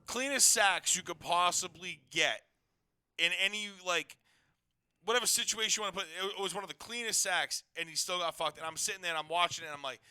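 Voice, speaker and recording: Male sports talk co-host, exasperated and profane; bright, crisp voice, dry sound. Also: sits high, a little fast, no room sound. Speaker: podcast co-host. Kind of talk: casual sports chat.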